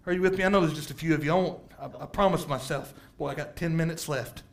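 A man preaching an impassioned sermon, swinging between hushed asides and shouted emphasis and repeating phrases to drive points home. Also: a little high, quick pace.

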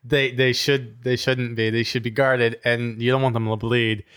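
Male game master, easygoing narrator, halting casual delivery. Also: mid-range voice, level tone, a bit bright, clear, resonant tone. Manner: casual, hesitant, many fillers and laughs.

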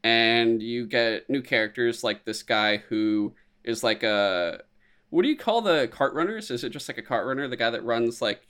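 Animated man in casual chat. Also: medium pitch, moderate pace, clear, resonant tone. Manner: animated, profane, acts out quotes in silly voices.

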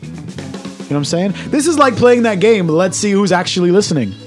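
A Canadian man co-hosting a podcast in casual banter, ranting loudly and swearing a lot. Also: sits high, very animated, a little fast, soft background music. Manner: loud, ranting, heavy swearing. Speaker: podcast co-host.

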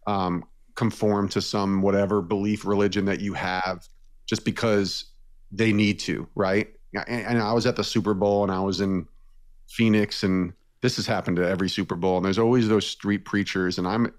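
A man appearing as a radio interview guest, telling a personal story in a lively way, with his voice lifting when he is moved. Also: sits low, normal speed.

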